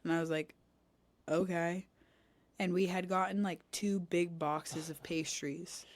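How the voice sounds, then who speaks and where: Young woman, podcast co-host, lower voice, dry close mic, animated casual storytelling. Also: normal speed, no room sound. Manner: animated, acts out quoted dialogue, cusses. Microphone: studio podcast mic.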